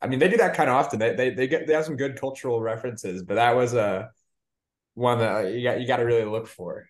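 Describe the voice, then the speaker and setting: A man's voice: mid-range voice, quick pace. A man on a podcast as a guest, chatting casually and eagerly, often repeating words as he goes. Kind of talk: casual chat.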